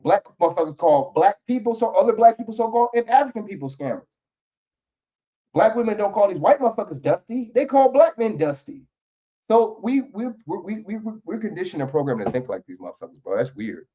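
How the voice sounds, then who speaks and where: A man's voice: high voice, very animated, fairly quick, dark tone. A man giving heated, profane reaction commentary on a political video clip.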